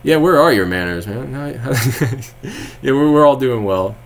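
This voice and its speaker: Young male streamer from Texas, mid-pitched, loose rambling delivery, quick to laugh and throw sarcasm at chat. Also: lively intonation. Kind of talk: casual live-stream chat reading viewer comments.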